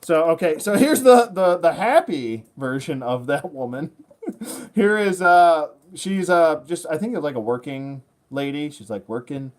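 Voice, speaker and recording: A man's voice: on the high side, expressive, a little slow. A man hosting a casual toy-collecting vlog, rambling and chuckling while showing off figures. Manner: rambling, chuckling, self-deprecating. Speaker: toy collector, channel host. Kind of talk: casual show-and-tell vlog.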